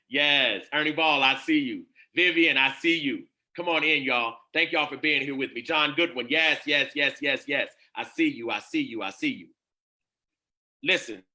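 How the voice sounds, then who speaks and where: A man delivers a live-streamed spiritual teaching in a preacher's cadence, repeating key phrases and calling out to his viewers. His voice sits a bit high and swings widely in pitch. The tone is strikingly bright and forceful. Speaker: host and teacher.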